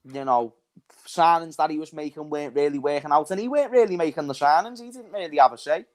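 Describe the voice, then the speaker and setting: A man's voice: a little high, fast talker. Chatty Scouse man, laddish and emphatic. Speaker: guest streamer.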